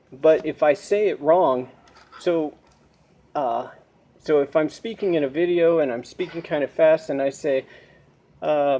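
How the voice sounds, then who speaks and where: An American man talking casually to camera in a vlog, hesitant and explanatory, with frequent pauses. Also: mid-range voice, dark tone. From United States. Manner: hesitant, many ums and restarts, explaining. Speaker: language learner vlogger.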